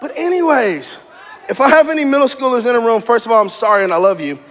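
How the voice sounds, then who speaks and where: A pastor preaching in a strikingly high voice, loud and animated, mixing jokes with shouted emphasis. He drives points home through repetition and rising intensity. The sound carries the long, trailing reverb of a large church sanctuary. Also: quick pace, some chatter behind. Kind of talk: sermon.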